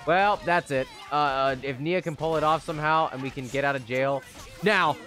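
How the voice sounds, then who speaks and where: Young guy streaming a game, kinda high voice, swears a lot and yells at the screen. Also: moderate pace. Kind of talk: live gameplay commentary.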